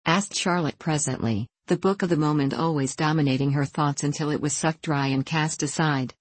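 A woman narrating a classic storybook in a measured, literary way. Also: low-pitched, a little mellow, husky, no room sound. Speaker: audiobook narrator. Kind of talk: storybook reading.

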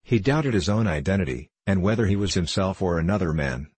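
A man reading a classic tale aloud as an audiobook narrator, in a steady, measured way. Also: low-pitched, breathy edge, no echo.

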